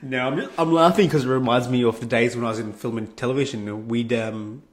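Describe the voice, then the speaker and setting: A soft-spoken man hosting a conversation, asking his questions in a calm, thoughtful way. His voice carries some echo from the room around him. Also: medium pitch, fairly quick. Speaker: podcast host, interviewer. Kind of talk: conversational interview.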